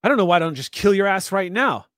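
A man's voice: medium pitch, a little fast, no room sound, studio quality, natural voice. A man voicing a hostile female warrior who swears and snaps aggressively. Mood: furious. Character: fierce young woman warrior, hostile.

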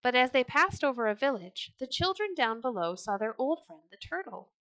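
A woman reading old children's stories aloud for a podcast, gentle and expressive. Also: high-pitched, moderate pace, dry recording, low-quality recording. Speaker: storyteller. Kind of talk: storybook read-aloud podcast.

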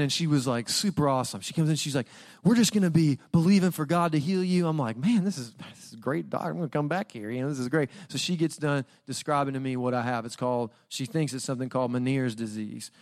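A young adult man preaching a guest sermon in a church, telling personal stories in a casual, conversational way and now and then bursting into loud, dramatic outcries. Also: on the high side, a little fast, no echo, clean studio sound. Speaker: guest pastor. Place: church auditorium.

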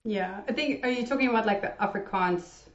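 A woman's voice: mid-range voice, a little fast. A young woman with a South African accent talks in an easygoing, chatty way and laughs easily as a podcast guest. Her voice sits in a roomy space with a slightly dull, muffled sound. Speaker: podcast guest, game producer. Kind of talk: casual chat.

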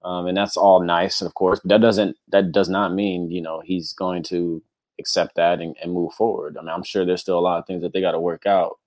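A man co-hosting a casual sports podcast in a relaxed, rambling way. His voice is very low, and he keeps working in easy fillers as he thinks aloud. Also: a little fast. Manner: easygoing, rambling, many fillers like "you know". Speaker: podcast co-host.

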